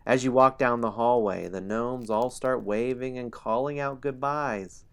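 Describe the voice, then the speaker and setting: A man's voice: medium pitch, measured pace, clean tone. A man streaming a dice game, chatting casually with viewers, reading out story passages and chuckling often. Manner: relaxed, chuckles often between lines.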